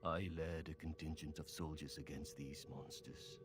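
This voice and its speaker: An actor voicing a weary warrior leader in a game, speaking gravely and slowly. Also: male voice, extremely low pitch, little pitch movement. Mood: solemn. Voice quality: slow grave delivery. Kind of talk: game character dialogue. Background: game music.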